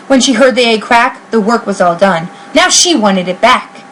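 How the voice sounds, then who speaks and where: A woman reading a children's picture book aloud in an expressive, sing-song rhyming voice. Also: a little high, moderate pace, slight background noise, low-quality recording. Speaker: reader.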